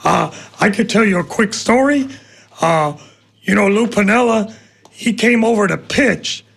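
A man from Tampa telling an animated story as a radio host in a studio. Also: sits high, measured pace, creaky, breathy edge. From Tampa, Florida. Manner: animated storyteller acting out the voices.

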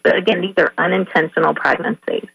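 Firm woman advocate, gravelly and muffled. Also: fairly low pitch, fairly even intonation, fast, fairly bright tone, no room sound. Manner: firm, assertive. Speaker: guest, reproductive rights advocate. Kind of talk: radio interview.

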